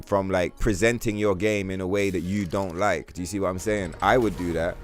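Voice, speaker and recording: A man streaming a game and chatting casually, rambling and animated, swearing freely and using slang. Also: sits low, brisk, hardly any pauses. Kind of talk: casual livestream chat while gaming.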